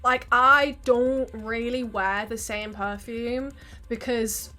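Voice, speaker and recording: A woman's voice: a little high, steady tone, slow, sharp tone, faint music behind. A woman in her early twenties chatting casually on a live stream, telling stories with frequent laughs and swearing.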